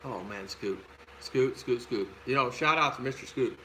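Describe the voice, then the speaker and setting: A man's voice: medium pitch, normal speed, sharp tone, slight background noise, rough recording. Chuckling older Southern American man. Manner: rambling, chuckles often. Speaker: host. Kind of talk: casual livestream chat reading viewer comments. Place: home in the Philippines.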